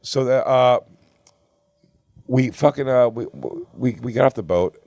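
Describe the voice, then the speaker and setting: Co-hosting a comedy podcast, a man tells a rambling, profane story among friends, acting out what other people said. His voice sits in the mid-range, with a darkish tone and an unhurried pace. The recording is studio quality with no room sound.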